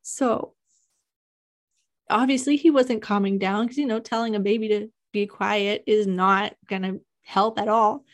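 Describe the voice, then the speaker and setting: A young woman hosting a podcast, telling a painful personal story in a halting, emotional confession. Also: medium pitch, steady tone. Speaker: podcast host.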